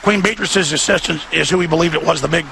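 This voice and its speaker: Male talk host, outdoor live rant, very gravelly, high and forceful. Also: fast, slight background noise. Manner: fiery, repetitive, ranting delivery. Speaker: radio talk show host. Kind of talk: impassioned live commentary. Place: outdoors near a hotel.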